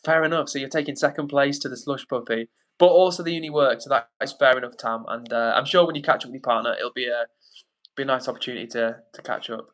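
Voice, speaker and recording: A man's voice: mid-range voice, quick pace, a bit bright. A young man hosting a livestream, reading viewer comments aloud and answering in a rambling, chatty way with many fillers. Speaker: livestream host reading chat. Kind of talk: casual live chat.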